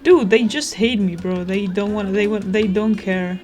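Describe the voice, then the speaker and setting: A young woman chatting casually as she plays a video game, rambling and thinking out loud. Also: mid-range voice, moderate pace, few pauses. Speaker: gaming streamer. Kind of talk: casual let's play commentary. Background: game music.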